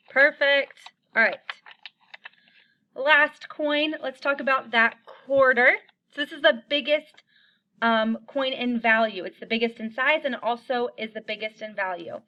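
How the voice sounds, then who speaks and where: A woman's voice: on the high side, muffled recording. Upbeat woman teaching young kids. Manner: upbeat, encouraging, chants rhymes slowly for children to repeat. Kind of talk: online lesson for young children.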